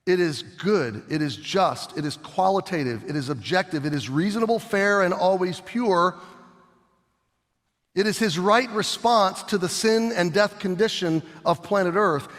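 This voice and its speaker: A middle-aged male pastor preaching a sermon, animated, swinging between loud and soft as he acts out scenes. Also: high-pitched, measured pace. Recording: long hall reverb.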